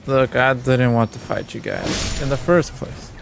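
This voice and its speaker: A young man talks slowly over his gameplay, frustrated and cursing under his breath. His voice has a gravelly edge, with faint game sound behind it. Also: medium pitch, background noise. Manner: frustrated, swearing, talking to himself. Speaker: gamer streamer. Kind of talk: casual gameplay commentary.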